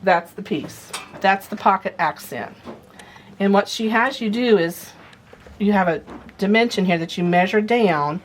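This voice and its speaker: Here a woman with a medium-pitched voice, speaking a little slowly, demonstrates sewing in a relaxed way. She talks through every step while working with the materials, and faint background noise can be heard.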